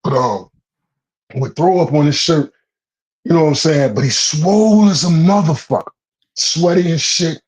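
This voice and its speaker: A man with a fairly high voice spins a street story in loose, profane chat, laughing as he goes and jumping in pitch when he gets worked up. He is relaxed and conversational. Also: normal speed, long pauses, poor audio.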